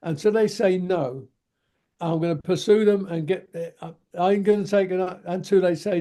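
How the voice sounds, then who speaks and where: An older Cockney man, a guest on a video call, unspools a long anecdote in a fairly high but mellow, warm voice. He wanders and circles back as he talks, slipping into the voices of the people in his story. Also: moderate pace. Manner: rambling yarn-spinner, acts out the people he quotes. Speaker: guest, veteran stuntman.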